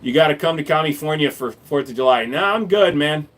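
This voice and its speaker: A man's voice: fairly high pitch, expressive, brisk. A man hosting a casual livestream, reading viewer comments and answering with blunt, profane jokes. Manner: profane, blunt, joking banter with chat. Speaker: livestream host reading chat.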